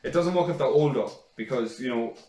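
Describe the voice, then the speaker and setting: A man's voice: mid-range voice, a little fast, mellow, echoey room, distant mic. A man bantering and cracking jokes in casual chat, swearing freely. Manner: jokey, profane banter.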